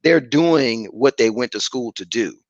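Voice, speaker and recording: A man in his forties, a guest father speaking earnestly and reflectively over a video call, pausing with fillers. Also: mid-range voice, animated, gravelly, no room sound. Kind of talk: casual interview talk. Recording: dry, dull lo-fi call audio.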